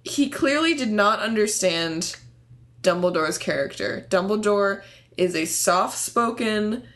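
A young woman co-hosting a casual chat, animated and laughing often, ranting with passion. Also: mid-range voice, unhurried.

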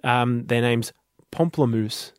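A man's voice: mid-range voice, takes it slowly, smooth, dry recording, studio quality. A man co-hosting a podcast, chatting about songs in a laid-back, joking way. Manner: laid-back, laughs often, blunt asides. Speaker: podcast co-host. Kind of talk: casual music chat.

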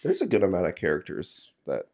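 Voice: low voice, huge pitch swings, brisk, a little mellow. A podcast co-host in a casual book chat, dropping short agreements and blunt interjections.

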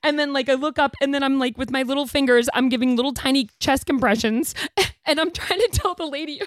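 A woman with a fairly high voice tells a story in a relaxed chat, lively and quick to laugh. Her voice sits close and dry, with no room sound around it. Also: no room sound. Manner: animated, laughing through the story.

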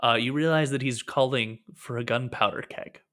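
A man's voice: mid-range voice, moderate pace, fairly bright tone. A man narrating as game master in a tabletop game, with frequent fillers and self-corrections.

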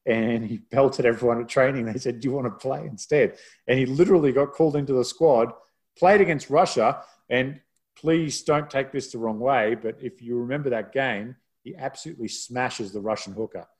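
A man's voice: medium pitch, moderate pace, darkish tone. A man who calls rugby games, spinning a casual story for a podcast. He talks in a chatty, self-deprecating way, in a mid-range voice. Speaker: rugby broadcaster.

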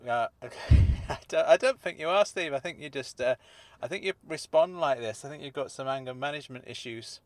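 A man hosting a comedy podcast, talking in a mild, calm, deadpan way with hesitant fillers. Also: medium pitch, a little fast, few pauses, no room sound.

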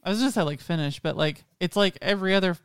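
A man's voice: high-pitched, rapid-fire, smooth, no room sound, studio quality. A man co-hosting a casual podcast, correcting pronunciation in a rambling, pedantic way. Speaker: podcast co-host. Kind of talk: casual chat.

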